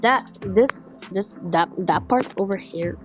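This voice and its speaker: A woman's voice: medium pitch, a little slow, lo-fi sound. A young woman rambling through a casual review of phone games as she plays them. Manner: rambling, animated, talks while playing on her phone. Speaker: game reviewer. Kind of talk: casual game review commentary. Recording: music playing behind.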